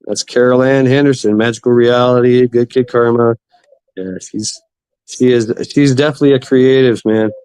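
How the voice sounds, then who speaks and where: A man's voice: mid-range voice, fairly even intonation, normal speed, a little mellow, clear, resonant tone, no echo. Man, livestream host, rambling casual chat, swears a lot, dry close sound. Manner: rambling, profane, greets chat viewers. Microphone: computer mic for online stream.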